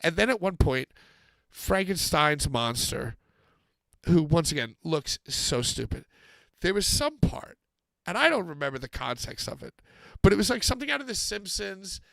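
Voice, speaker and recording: Animated, gravelly, high-voiced man. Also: normal speed, no echo. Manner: animated, swearing, acts out moments. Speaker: podcast co-host. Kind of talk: casual comedic storytelling.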